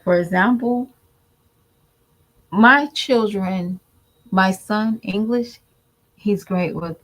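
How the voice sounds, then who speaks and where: A woman's voice: mid-range voice, poor audio. A woman giving candid, preachy commentary to her viewers in a casual vlog. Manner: candid, preachy, animated mimicry. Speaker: vlogger.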